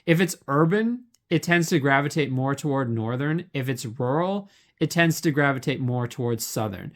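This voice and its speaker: A man's voice: medium pitch, expressive, normal speed. Rambling young man, casual monologue. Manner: rambling, filler-heavy, lots of "like" and restarts. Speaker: video essayist.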